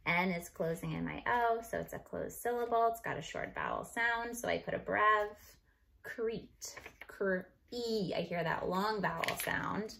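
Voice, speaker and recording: A woman teacher walking young students through spelling and marking up words, sounding out each syllable and letter slowly and clearly. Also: on the low side, bright, forceful tone, a little hiss or hum. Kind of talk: recorded phonics review lesson. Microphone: computer microphone.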